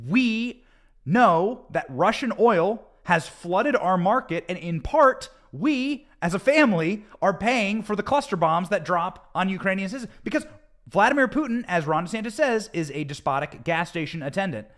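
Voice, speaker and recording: A man's voice: sits high, expressive, normal speed, fairly bright tone. An American man hosting a political commentary show, talking emphatically and sarcastically and repeating points for effect. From United States. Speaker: host.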